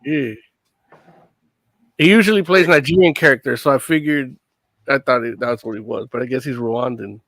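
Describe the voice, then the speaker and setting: A man's voice: medium pitch, normal speed, pauses often, a bit bright, no echo. A man on a discussion panel, explaining things casually and tagging lines with "you know?". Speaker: podcast panelist.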